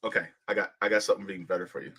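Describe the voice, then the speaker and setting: A man's voice: low voice, steady tone, rapid-fire, a bit bright, slightly rough. A man hosting a political livestream, arguing fiercely, firing off rhetorical questions and swearing now and then. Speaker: host.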